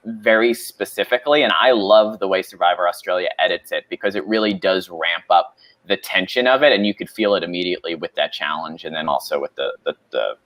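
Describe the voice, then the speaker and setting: Low-voiced man, relaxed podcast co-host. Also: a little fast. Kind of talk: casual chat.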